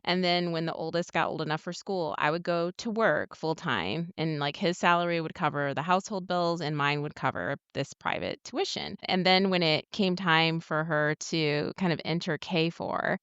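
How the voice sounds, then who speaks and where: A woman guest telling stories in an interview, lively and acting out the dialogue she recalls. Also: low voice, normal speed, few pauses, smooth, no room sound, highs cut off. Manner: animated storyteller who acts out quoted dialogue. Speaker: guest, homeschooling author. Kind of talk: storytelling in conversation.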